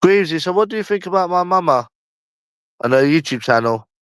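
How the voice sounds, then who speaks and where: A man with a London accent hosts a casual livestream chat, rambling and repeating himself, sometimes dragging his words out slowly, with slang and swearing. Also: high voice, expressive, a bit bright, smooth, dry recording. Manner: rambling and repetitive, often slow and drawn out, with slang and swearing. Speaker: livestream host.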